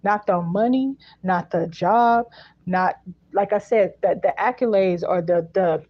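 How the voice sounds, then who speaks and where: A woman's voice: mid-range voice, no room sound. A woman with giving a casual spiritual message, emphatic and repetitive as she unpacks each phrase. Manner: emphatic and repetitive, with colloquial speech. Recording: dull, dry, lo-fi sound.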